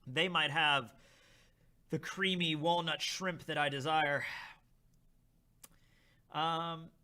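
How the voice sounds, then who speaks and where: A young man hosting a casual charity livestream, reading chat aloud and trying snacks with a rambling, animated manner. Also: fairly high pitch, slow pace. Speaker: livestream host.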